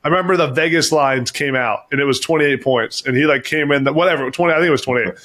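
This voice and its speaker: A man's voice: a little high, fast talker, a bit bright. A man in his thirties, a podcast guest, telling stories casually and restarting his sentences often. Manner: rambling storyteller, restarts and repeats phrases. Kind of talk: casual chat.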